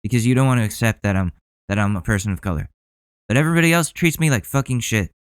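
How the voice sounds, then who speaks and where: A man's voice: lowish voice, expressive, quick pace, clear, resonant tone, no echo. A male podcast host ranting heatedly in profane commentary.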